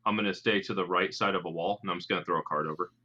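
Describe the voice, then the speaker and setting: A man's voice: low-pitched, steady tone, very fast, sharp tone, highs cut off. A man playing in a tabletop game, talking in an easygoing way and asking plain questions. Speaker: player. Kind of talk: casual tabletop game chat.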